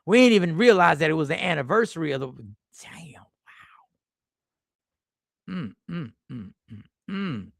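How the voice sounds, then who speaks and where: Animated, gravelly man hosting a livestream. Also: on the high side, no echo, studio quality. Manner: animated, slangy, reacts to chat with sudden exclamations. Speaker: livestream host. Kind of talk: casual livestream chat reading comments. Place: airport.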